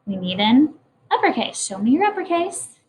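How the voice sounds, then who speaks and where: A woman's voice: high voice, sing-song, normal speed, slight background noise, low-quality recording. A woman teacher leading a morning message lesson for young children, speaking in a patient, encouraging way. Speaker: kindergarten teacher.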